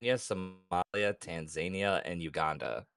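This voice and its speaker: A man's voice: low-pitched, moderate pace, creaky, fairly bright tone. A man joking around in casual chat with friends, tossing out odd questions. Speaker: gamer chatting with friends. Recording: voice from off the mic.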